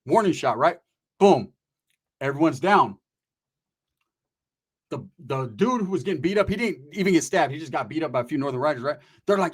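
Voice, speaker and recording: A man's voice: fairly high pitch, lively intonation, brisk, pauses often, husky. A man from California telling a story in casual, profane street slang, often tagging his sentences with "right?". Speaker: storyteller recounting prison experiences.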